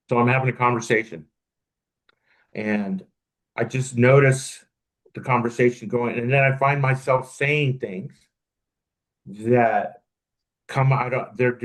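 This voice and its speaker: A man's voice: mid-range voice, poor audio. A man co-hosting a podcast, speaking reflectively and thinking aloud, often restarting his sentences. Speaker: podcast co-host. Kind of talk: casual podcast conversation.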